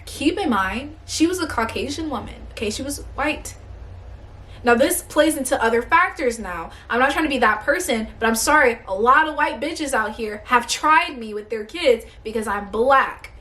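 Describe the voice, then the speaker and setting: A young woman vlogger telling a workplace story in a blunt, animated rant, swearing often and sounding tired and hungry. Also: sits high, moderate pace.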